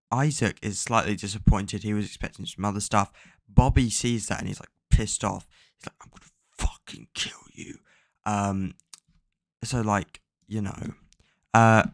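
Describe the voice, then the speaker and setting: A man with a lowish, gravelly voice talks through a story recap in a loose, rambling way, swearing often and filling gaps with ums. The sound is dry and close, recorded at home. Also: no echo. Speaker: book plot summarizer. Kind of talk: casual plot recap. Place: at home, bedroom with a cat.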